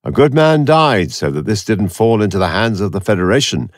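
A man's voice: on the low side, expressive, brisk, no echo, studio quality, pitched above the performer's own voice, close to an everyday voice. A man voicing an earnest, solemn rebel leader who speaks in a conciliatory way.

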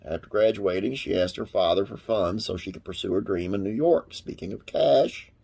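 A man with a low, husky voice reads classic TV trivia to his viewers. He talks in a folksy, rambling way, slips off into asides, and closes with religious blessings. A gravelly rasp runs under his words. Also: moderate pace, a little mellow. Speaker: classic TV trivia channel host. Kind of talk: reading trivia to camera with casual asides.

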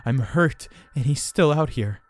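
Plaintive, pleading ghostly woman in a horror storybook, voiced by a man, loud and desperate. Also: mid-range voice, animated, unhurried, voice pushed up, lightly acted. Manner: begging, plaintive.

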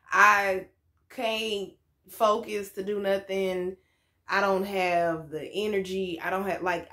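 A woman's voice: lowish voice, fairly bright tone. A young woman telling a frank, candid story in a casual vlog, swearing freely and laughing now and then. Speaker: vlogger. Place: home room with lights.

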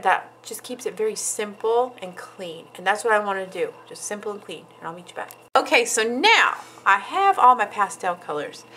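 Bright-voiced chatty woman nail artist. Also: medium pitch, a little hiss or hum, rough recording. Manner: chatty, with frequent ums and trailing asides. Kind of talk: casual tutorial narration. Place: nail salon.

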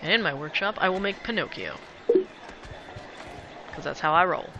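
A man's voice: on the high side, moderate pace, lo-fi sound, very noisy. Playful young man narrating a game. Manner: playful, jokey, talks to game characters, sudden excited yelps. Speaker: gamer narrating a let's play. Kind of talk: casual let's play commentary. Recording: game music loud behind voice.

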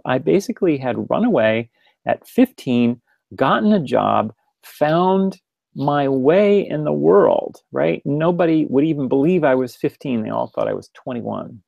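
A man presents a webinar casually, rambling, restarting often and putting questions straight to his audience. His mid-range voice is creaky and a little mellow, with no echo.

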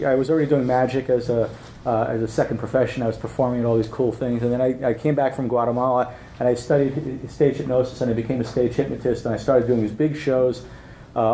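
A man speaking at a live workshop, mid-pitched and easygoing, chuckling at his own stories and tossing in "right?" to the room. His voice carries an echoey hall sound with a faint hum of ambience behind it. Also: mellow. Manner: conversational, checks in with "right?". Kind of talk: live workshop talk with storytelling.

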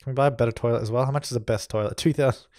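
A man's voice: mid-range voice, steady tone, rapid-fire, a little mellow, no echo, clean studio sound. A man hosting a let's play, chatting casually and giving orders to the characters on screen as he plays. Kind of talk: casual gameplay commentary.

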